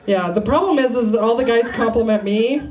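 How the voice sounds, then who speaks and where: A woman's voice: on the high side, brisk, a little mellow, faint music behind. A woman performing a stand-up comedy set at an open mic, playful and laughing at her own jokes. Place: small bar open mic. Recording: noisy live room recording.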